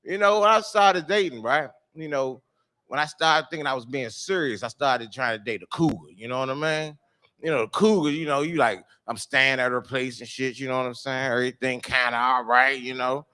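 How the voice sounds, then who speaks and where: Bright-voiced rambling stand-up comic man. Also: medium pitch. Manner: loose rambling storytelling, frequent swearing and filler, bursts into shouted quotes. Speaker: stand-up comedian. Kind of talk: stand-up comedy set. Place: live comedy show venue.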